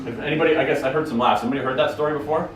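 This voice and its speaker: A man's voice: medium pitch, steady tone, racing, crowd noise. A man speaking casually to a live audience and taking their questions, blunt and profane with a joking tone. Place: conference room with an audience. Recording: roomy, from a distance, faint noise.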